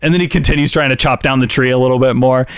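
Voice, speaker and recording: A man's voice: mid-range voice, fairly even intonation, racing, clean tone, no echo, clean studio sound. A man co-hosting a podcast, recapping scenes and cracking playful jokes in casual banter. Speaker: podcast co-host.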